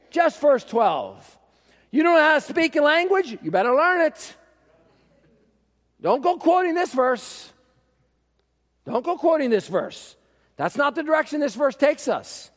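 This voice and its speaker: High-voiced man preaching in a reverberant hall. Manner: emphatic, repeats key phrases, swings from quiet to shouting. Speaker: pastor. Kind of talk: sermon. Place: church sanctuary.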